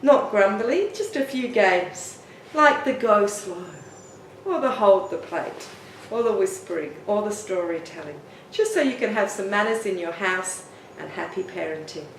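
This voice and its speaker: A middle-aged woman, a parenting author and teacher, giving parenting tips in a gentle, encouraging way. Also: mid-range voice, unhurried, gravelly, recorded from a distance, a little hiss or hum. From Australia. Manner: gentle, encouraging, expressive storytelling. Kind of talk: talking-head parenting tips. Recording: roomy room, mic set back, faint ambience.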